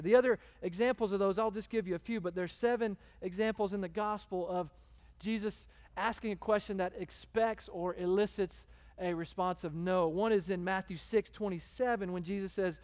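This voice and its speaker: A man, a guest preacher telling a story in a conversational, animated way. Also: high voice. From Texas. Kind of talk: sermon storytelling. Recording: long hall reverb.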